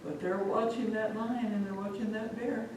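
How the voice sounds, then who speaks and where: A woman from Omaha telling a folk tale live to an audience, animated and speaking directly to listeners. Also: medium pitch, moderate pace, noisy background. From Omaha, Nebraska. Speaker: storyteller. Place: live public event, echoey room. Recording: echoey hall from far off.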